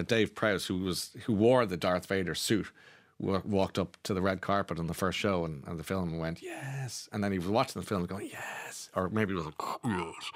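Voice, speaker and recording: A man's voice: on the low side, no echo, studio quality. A chatty Irish man hosting a radio show, reading out listener messages between gossipy asides. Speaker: radio host.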